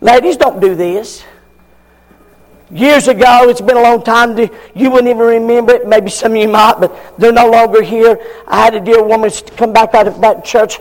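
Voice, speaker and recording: An older man preaching a fiery sermon, shouting at times and acting out members of the congregation. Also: very high-pitched, steady tone, moderate pace.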